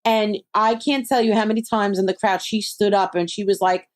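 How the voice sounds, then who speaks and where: A woman's voice: medium pitch, fairly even intonation, normal speed, few pauses. A woman, a psychic medium being interviewed, who talks animatedly and acts out her friends' voices as she tells stories. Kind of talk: conversational interview.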